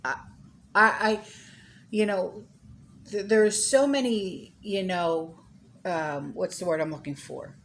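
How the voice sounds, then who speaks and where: Slow, low-voiced rambling woman vlogger. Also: a little hiss or hum. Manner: rambling, full of "you know" and "okay?". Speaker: channel host. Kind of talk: casual chat to viewers.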